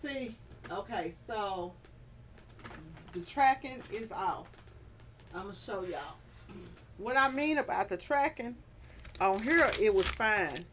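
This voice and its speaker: A woman's voice: medium pitch, animated, slow pace, long pauses, a bit bright, a little hiss or hum. A woman vlogger chatting casually on a stream, teasing her viewers and breaking into big laughs. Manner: laughing hard, playful teasing, Southern slang. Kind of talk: casual livestream chat.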